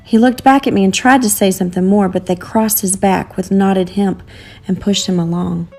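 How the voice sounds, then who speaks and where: A woman narrating a storybook in an earnest, measured reading. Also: medium pitch, fairly even intonation, a little mellow, soft background music.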